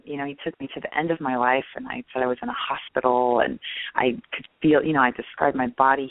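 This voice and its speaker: A woman guest telling her own story in an interview, chatty and animated, full of "like" and "you know". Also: sits low, no room sound. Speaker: guest, past-life regression client. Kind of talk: personal storytelling in a phone interview. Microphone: telephone. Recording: tinny phone line.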